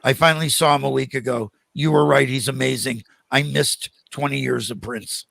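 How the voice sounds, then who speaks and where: An older American man, a podcast guest, telling animated stories and acting out the voices of the people in them. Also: mid-range voice, moderate pace, vocal fry, dry recording. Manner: animated, acts out quoted voices. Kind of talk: storytelling in a podcast interview.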